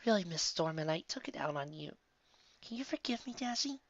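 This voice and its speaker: A woman voicing a gentle pony mother who speaks in soft, soothing coos. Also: deep voice, fairly quick, lo-fi sound, lightly acted. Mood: tender.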